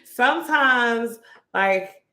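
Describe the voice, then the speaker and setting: A woman's voice: on the high side, lively intonation, extremely slow, pushed and bright. A woman co-hosting a podcast, telling stories in a casual chat with lots of fillers. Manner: chatty storytelling with many fillers. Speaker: podcast co-host. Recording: roomy echo.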